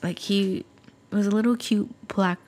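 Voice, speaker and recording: A woman's voice: medium pitch, fairly even intonation, measured pace, a little mellow. A woman hosting a podcast, telling a spooky story in a chatty way, full of fillers and asides to the listeners. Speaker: podcast host.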